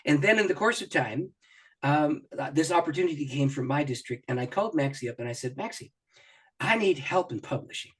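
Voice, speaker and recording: A man's voice: on the high side, lively intonation, brisk, slightly rough. A middle-aged man, a pastor and author, telling personal stories as an interview guest, acting out his own thoughts and laughing often. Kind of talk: animated personal storytelling in an interview.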